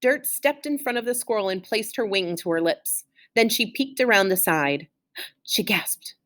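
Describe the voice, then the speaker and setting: Animated woman reading a children's book. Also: medium pitch, moderate pace. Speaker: reader. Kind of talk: children's book read-aloud.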